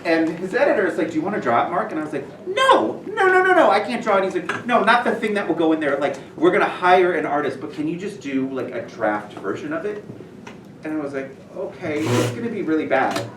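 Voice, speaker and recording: A man telling stories casually to a school audience as a visiting author, animated and self-deprecating with many fillers. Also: fairly high pitch, fast talker. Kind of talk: casual storytelling talk to students. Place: school room. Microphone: far room mic. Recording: echoey room from far off, noisy.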